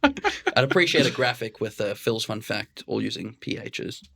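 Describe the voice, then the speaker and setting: A man's voice: fairly low pitch, very animated, moderate pace, vocal fry, noisy background. A man co-hosting a podcast, dropping dry, wry one-liners in casual chat. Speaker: podcast co-host.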